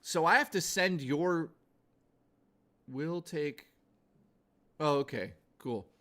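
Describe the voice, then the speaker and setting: Guy streaming from his house, kinda high voice, swearing a lot and rambling. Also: lively intonation, slow, fairly bright tone. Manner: crude, profane joking, rambling. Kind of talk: casual livestream chat. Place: at home.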